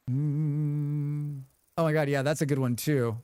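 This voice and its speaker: A man's voice: fairly high pitch, fairly even intonation, slow pace, dark tone, smooth, dry recording, studio quality, a faint crowd. A man livestreaming a game, chatting casually with viewers, humming and thanking them as he plays. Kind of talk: casual livestream chat while gaming.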